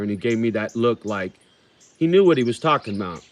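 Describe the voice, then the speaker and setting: A man's voice: mid-range voice, expressive, fast talker. A man hosting a livestream, chatting casually with viewers in a profane, rambling and heartfelt way. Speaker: livestream host.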